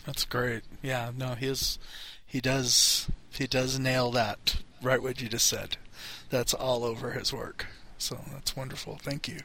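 A man's voice: mid-range voice, flat delivery, a little slow, bright, forceful tone. A man hosting a casual conversation, affirming his guest in loose, informal phrasing. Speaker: host.

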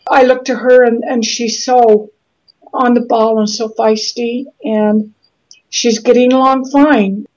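A middle-aged woman from Utah talks slowly and earnestly, stopping and restarting her sentences. Her voice sits a little high. The audio is slightly dull and lo-fi. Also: fairly even intonation, darkish tone. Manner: slow, earnest, halting with restarts. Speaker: guest author. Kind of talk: interview conversation.

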